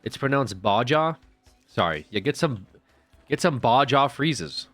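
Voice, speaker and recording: A man's voice: medium pitch, animated, measured pace, a bit bright, soft background music. A man streaming live, chatting casually and rambling with profane jokes to his chat.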